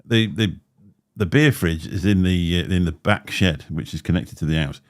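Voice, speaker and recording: Speaking low at a moderate pace, a man hosts a livestream with casual, rambling chat. He has a slight lisp, laughs frequently, and is picked up by a desk microphone.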